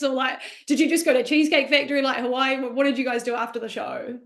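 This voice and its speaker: A woman's voice: high voice, quick pace, hardly any pauses. A woman hosting a casual podcast interview, gushing and affectionate toward her guest. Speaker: podcast host.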